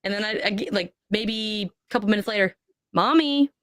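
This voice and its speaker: A woman's voice: mid-range voice, quick pace, no echo, studio quality. Woman vividly telling a spooky story. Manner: animated storyteller, acts out quoted voices. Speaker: podcast guest. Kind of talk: telling a personal ghost story.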